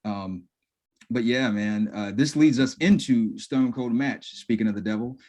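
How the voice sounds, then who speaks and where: A man's voice: mid-range voice, a little slow, a little mellow. A man co-hosting a podcast, chatting loosely and telling stories with a lot of swearing. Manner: loose, profane storytelling, acts out quotes. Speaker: podcast co-host. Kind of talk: casual chat.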